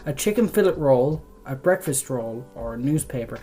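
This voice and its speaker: A young man with an Irish accent talks his way through a quiz in a loose, rambling chat, swearing often and trailing off. His voice is mellow and warm, with faint music somewhere behind him. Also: mid-range voice, expressive, moderate pace, husky. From Ireland. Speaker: vlogger doing a quiz. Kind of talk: casual chat.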